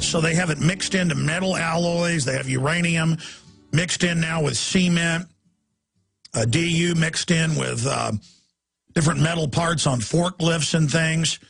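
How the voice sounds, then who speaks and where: A man's voice: fairly high pitch, vocal fry, fairly bright tone, breathy edge. A man hosting a talk radio show, ranting emphatically in a long monologue. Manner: ranting, emphatic, rapid-fire asides.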